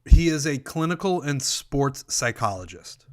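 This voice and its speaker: A man co-hosting a podcast who mostly chimes in with short, agreeable remarks. His voice sits at a middle pitch in easy, casual talk. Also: sing-song, unhurried. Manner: brief, agreeable replies. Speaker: podcast co-host.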